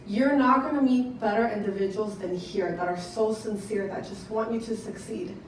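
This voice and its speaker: A young woman giving an excited, conversational testimonial speech to an audience at a business event and talking to them directly. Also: medium pitch, moderate pace, a little hiss or hum. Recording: echoey room picked up from a distance.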